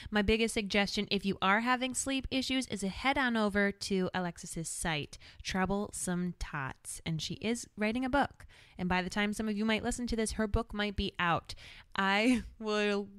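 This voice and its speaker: A woman's voice: medium pitch, moderate pace, a bit bright, smooth, dry recording, studio quality. A woman co-hosting a podcast interview, upbeat and friendly as she asks questions and wraps up. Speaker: podcast co-host.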